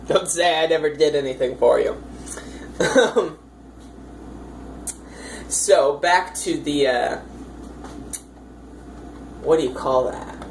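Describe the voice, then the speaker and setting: Woman game master, low voice, chatty and rambling, faint hiss on the track. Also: slow, pauses often, low-quality recording. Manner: chatty, rambling, many fillers, amused. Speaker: dungeon master. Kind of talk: casual storytelling of a tabletop campaign.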